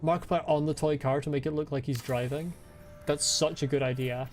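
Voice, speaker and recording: A woman's voice: deep voice, steady tone, brisk, darkish tone, soft background music. A woman streaming a video game, chatting casually with giggly, rambling jokes to her chat. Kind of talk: casual gaming commentary.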